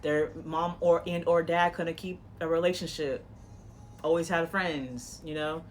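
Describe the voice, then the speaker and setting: A woman's voice: deep voice, steady tone, measured pace, slight background noise. A woman giving a casual tarot reading in a blunt, profane, coaching tone, rambling with frequent "you know"s and restarts. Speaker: tarot reader.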